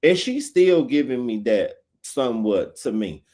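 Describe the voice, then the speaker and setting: A man's voice: medium pitch, sing-song, measured pace, dark tone. A man co-hosting a podcast, giving blunt opinions in casual chat and mimicking others with mocking quotes. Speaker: podcast co-host.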